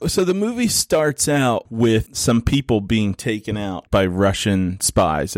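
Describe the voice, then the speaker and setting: Casting: lowish-voiced man, podcast co-host, laughing and animated, dry close mic. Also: dry recording. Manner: laughing, animated, acts out quotes. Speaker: podcast co-host reviewing movies. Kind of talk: casual chat.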